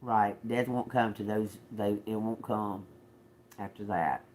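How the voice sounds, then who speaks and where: A man's voice: lowish voice, steady tone, unhurried, a little mellow. A man hosting a casual livestream tarot reading, talking straight to his viewers, laughing often and swearing as he snaps back at commenters. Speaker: tarot reader, livestream host.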